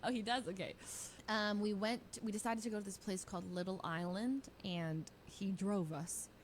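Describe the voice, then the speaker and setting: A young woman casually telling a story on stream, giggling often and quoting people in lively voices. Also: medium pitch, normal speed, slight background noise. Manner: chatty, giggly, quotes people in animated voices.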